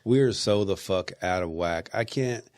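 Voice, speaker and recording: A man's voice: low-pitched, moderate pace, darkish tone. A man co-hosting a podcast in casual, profane banter, sounding tired and rambling. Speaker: podcast co-host.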